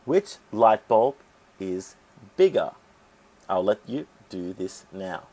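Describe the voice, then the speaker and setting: A man teaching an English grammar lesson, explaining rules step by step and sounding out syllables deliberately. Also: on the low side, sing-song, warm tone.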